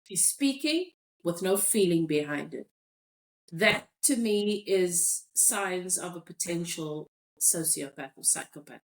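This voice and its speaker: Slow, thoughtful South African woman. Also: lowish voice, lively intonation. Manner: thoughtful, reads listener comments aloud. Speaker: podcast host. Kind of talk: casual discussion.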